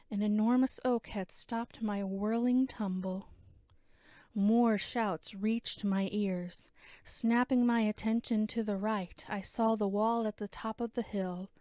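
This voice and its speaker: A woman narrating a fantasy novella chapter in first person, with a measured, dramatic reading. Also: mid-range voice, warm tone, dry recording, clean studio sound. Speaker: audiobook narrator.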